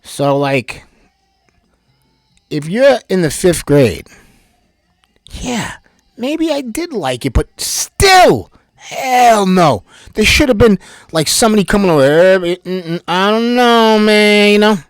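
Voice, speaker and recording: A man from New Jersey giving an animated, rambling personal monologue, swearing freely. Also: high-pitched, slow, pauses often, dry recording, clean studio sound. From Bayonne, New Jersey. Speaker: vlogger.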